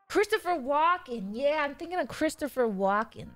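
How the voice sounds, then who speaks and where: A woman's voice: high-pitched, animated, moderate pace, hardly any pauses, faint music behind. A young woman streamer giving casual, chatty commentary while playing a game, swearing and laughing often.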